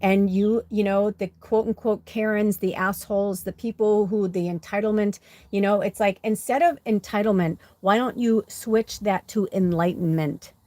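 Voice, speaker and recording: A woman speaking as a spiritual medium in a frank, unfiltered monologue. She is casual and profane, full of fillers, and hammers points home by repeating herself. Her pitch sits in an ordinary middle range. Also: fairly even intonation, moderate pace, darkish tone, no room sound. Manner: blunt and profane, with frequent "like" and "you know"; emphatic, repeating phrases for effect. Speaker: spiritual medium and card reader. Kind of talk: candid personal monologue during a card reading.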